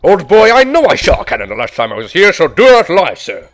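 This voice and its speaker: A man's voice: high voice, huge pitch swings, fairly quick, a bit bright, pitched above the performer's own voice, exaggerated voice. Man putting on a harrumphing old English sailor bomb. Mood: indignant. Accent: put-on English. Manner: harrumphing, tag questions like "eh" and "hmm". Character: gruff old male bomb sailor, pompous. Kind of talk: let's play voice reading.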